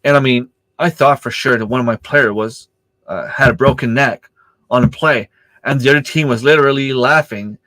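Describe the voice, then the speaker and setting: This dry recording captures a man at normal speed with a slightly bright tone. He coaches youth soccer and chats casually on a livestream, spinning hesitant stories packed with fillers and restarts while performing quoted dialogue with his pitch rising.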